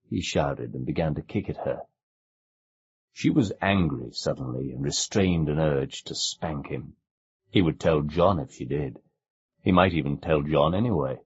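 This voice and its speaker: Deep, husky male audiobook narrator. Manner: measured, expressive storytelling. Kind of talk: scripted narration. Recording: dull lo-fi cassette recording.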